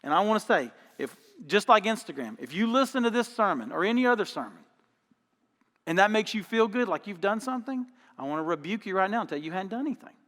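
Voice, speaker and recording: A man's voice: sits high, animated, fast talker, a bit bright, in a large hall. A man preaching a sermon as pastor, telling stories in an emphatic, folksy, conversational way. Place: church auditorium.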